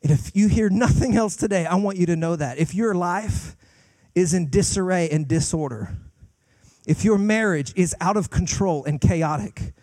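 Guest-preaching a sermon, this young man has a high-pitched, slightly mellow voice with no echo around it. He's emphatic, switches between rapid bursts and stretched-out phrases, and tends to repeat words when starting a sentence.

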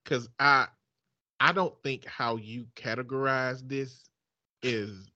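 A woman's voice: rumbling low, fairly even intonation, takes it slowly, pushed and bright. A woman in casual chat, blunt and profane, often breaking into laughter. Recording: slightly muffled, dry.

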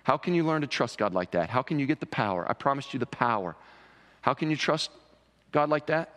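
A man preaching a sermon as pastor, impassioned, often rising high for emphasis. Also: animated, fairly quick, fairly bright tone. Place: church sanctuary. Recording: long reverb of a church hall.

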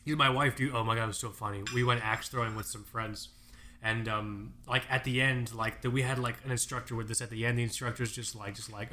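A man in his thirties co-hosting a casual podcast chat, telling animated stories, swearing and acting out quotes. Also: medium pitch, a little fast. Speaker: podcast co-host.

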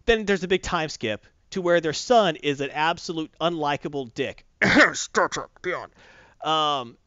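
Male podcast reviewer, high and very animated, blunt and profane; dry, muffled sound. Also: unhurried, dry recording. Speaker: comic book reviewer. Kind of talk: casual opinionated review chat. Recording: dull dry close-mic sound.

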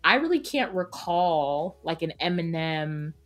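A woman co-hosting a podcast roundtable, talking in an emphatic, opinionated, animated way. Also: deep voice, a little slow, faint music behind. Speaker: podcast co-host. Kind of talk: casual roundtable chat.

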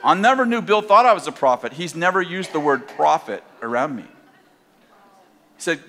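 An older man from Northern California, preaching by telling a personal story in a conversational, animated way and laughing at his own tale. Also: fairly high pitch, moderate pace. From Northern California, USA.

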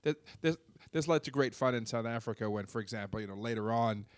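A man's voice: medium pitch, no echo. A man answering as a guest, explaining history and often restarting his phrases. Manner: halting, repeats words at starts of phrases.

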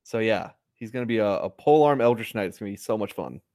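A man co-hosting a podcast, rambling in relaxed casual chat and often restarting his sentences. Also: fairly low pitch, fast talker. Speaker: podcast co-host.

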